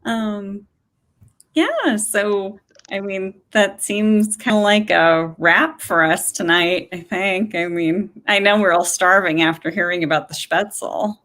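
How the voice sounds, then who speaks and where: Casting note: woman host, chatty and rambling, a bright, forceful voice. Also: mid-range voice, slow pace. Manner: chatty, laughing, rambling with fillers. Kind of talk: casual chat.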